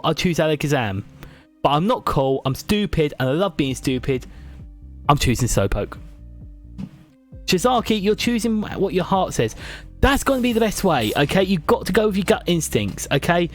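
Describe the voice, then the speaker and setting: A British man streaming live, chatting and joking with his viewers as he ranks favourites on a tier list. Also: high-pitched. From Britain. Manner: chatty, jokey, reads and answers chat.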